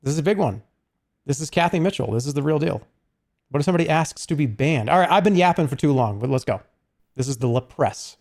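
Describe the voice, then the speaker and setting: A man's voice: fairly high pitch, lively intonation, fast talker, darkish tone. A man chatting casually on a live stream, rambling along with lots of asides and restarts.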